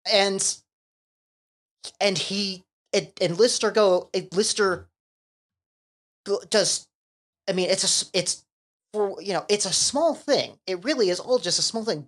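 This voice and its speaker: A woman talking as a guest on a casual podcast, halting and restarting often as she thinks, with casual swearing. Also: medium pitch.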